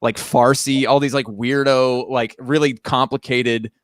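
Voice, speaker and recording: Rambling comedy-stream host, male, mid-pitch, dry close mic. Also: steady tone, a little slow, no echo. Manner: rambling, lots of fillers and restarts. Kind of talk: casual chat. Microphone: remote live stream.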